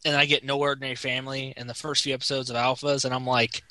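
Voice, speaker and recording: A man's voice: mid-range voice, level tone, pushed and bright, no room sound. A man co-hosting a casual chat about TV shows, talking in a jokey, rambling way. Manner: chatty, jokey, puts on quick silly voices.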